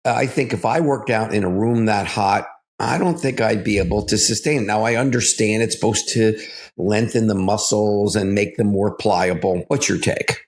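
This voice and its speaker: A man with a fairly low voice hosts a casual health interview. He keeps a friendly, easy manner, asking his guest questions and agreeing with her answers. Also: normal speed. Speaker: doctor, show host.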